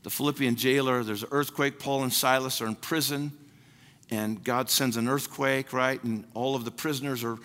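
Preaching at normal speed, this pastor has a medium-pitched, slightly bright voice with fairly even intonation. He's emphatic, circles back to key phrases, and voices prayers and other people's words, all under long hall reverb.

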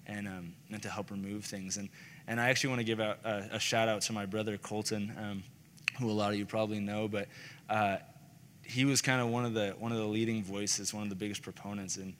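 A man's voice: on the low side, fairly bright tone. Earnest young man in a reverberant hall. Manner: earnest, casual and heartfelt. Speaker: speaker sharing his testimony. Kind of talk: personal testimony sermon. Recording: reverberant hall with faint noise.

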